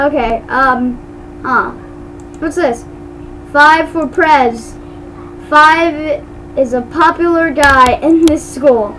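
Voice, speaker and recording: A woman's voice: high-pitched, animated, measured pace, a bit bright, a little hiss or hum, rough recording. A woman giving casual commentary while playing a game, chatty and giggly, tripping over her words. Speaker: gamer.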